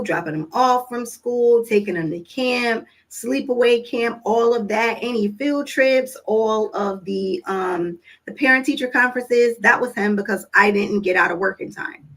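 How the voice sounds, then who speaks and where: In a low-quality recording, a woman vlogs to camera about parenting in a casual monologue, telling stories and acting out what people said. Her medium-pitched, fairly bright voice takes an earnest, coaching tone, and she asks listeners direct questions.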